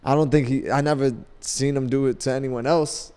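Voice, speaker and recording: A man guesting on a podcast, telling loose, animated stories full of fillers. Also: mid-range voice, a little fast, clean tone, big-room sound. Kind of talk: casual storytelling chat. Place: podcast studio.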